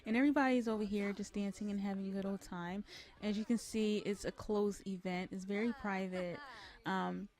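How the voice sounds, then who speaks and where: A woman's voice: mid-range voice, fairly even intonation, moderate pace, darkish tone. A young woman narrating a life-sim game in a casual, rambling way, full of fillers. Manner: rambling, heavy on fillers like "you know, like". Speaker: gameplay narrator. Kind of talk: casual let's-play narration.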